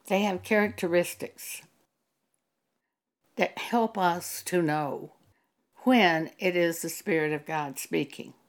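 A woman preaching a sermon in a slow, measured teaching manner. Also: lowish voice. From Texas.

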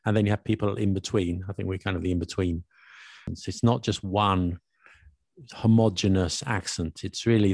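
A man from London chatting casually as host, hesitant and quick to laugh. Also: on the low side, vocal fry, no room sound, clean studio sound. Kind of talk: casual chat.

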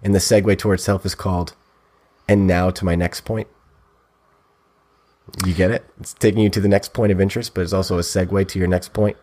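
A man's voice: deep voice, little pitch movement, a little fast, long pauses, darkish tone. A man co-hosting a podcast, chatting casually and telling loose, jokey stories. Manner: rambling storyteller, loose and jokey. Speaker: podcast co-host. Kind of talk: casual chat.

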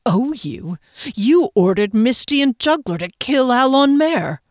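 A woman reading an audiobook, voicing a defiant young swordswoman with a sharp, accusing manner that rises to shouts. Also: mid-range voice, expressive, moderate pace, dry recording, clean studio sound, lightly acted. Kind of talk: audiobook character voice.

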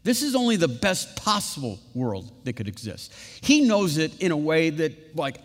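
A male pastor giving a sermon with conversational asides and rhetorical questions, building to emphatic peaks and dropping to hushed, slow passages. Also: fairly high pitch, sing-song. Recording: long reverb of a large hall.

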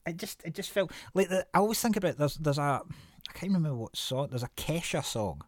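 A man hosting a casual podcast chat, telling rambling, animated stories with plenty of swearing and restarts. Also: fairly high pitch, fairly quick, no echo, studio quality. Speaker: podcast host.

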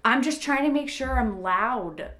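A soft-spoken woman co-hosting a podcast in casual chat, bubbly and chatty, recorded at a home desk on one shared mic. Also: on the high side, expressive, measured pace. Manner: bubbly and chatty, laughs easily. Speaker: podcast co-host. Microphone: single shared desk mic.

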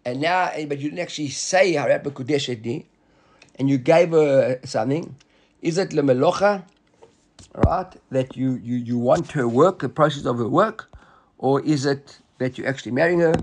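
A man teaching a Talmud class, explaining quickly and repeating words as he reasons aloud. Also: medium pitch, a little mellow.

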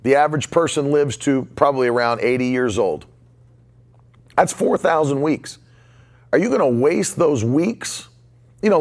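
A man in his forties delivers a podcast sermon with a gravelly edge to his voice. His pitch sits a bit high and swings widely as he presses home each point. He repeats short, punchy lines for emphasis. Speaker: pastor.

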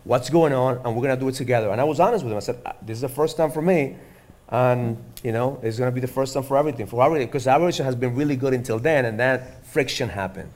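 A middle-aged man talking earnestly about being a father, quick and wordy, full of "you know" and "like". His voice sits at an ordinary pitch and he moves along at a brisk clip. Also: darkish tone. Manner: earnest, rambling with many fillers. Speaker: father and podcast host. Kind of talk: casual conversation.

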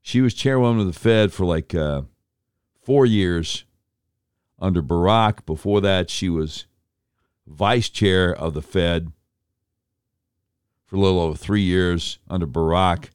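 A man's voice: sits low, measured pace, long pauses, clean tone, no echo, studio quality. A man hosting an opinionated talk monologue, sarcastic and mocking as he comments on clips. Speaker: political commentary host.

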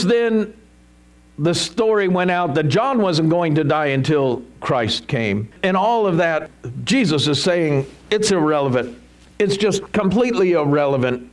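Emphatic, lively-voiced male preacher. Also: high voice. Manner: emphatic, animated preaching with rhetorical questions. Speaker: pastor. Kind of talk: sermon.

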